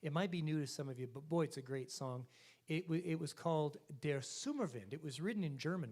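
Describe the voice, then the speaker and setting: A man's voice: on the high side, a little fast. A man leading a swing band, telling jokes and chatting with a church concert crowd. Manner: joking, animated storyteller. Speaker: bandleader and singer. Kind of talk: live stage banter and joke telling. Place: church stage.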